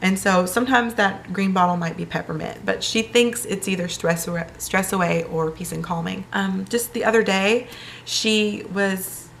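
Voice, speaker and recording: A woman's voice: mid-range voice, moderate pace, creaky, a little hiss or hum. A young woman chatting in a casual vlog, telling a personal story with lots of fillers. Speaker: vlogger.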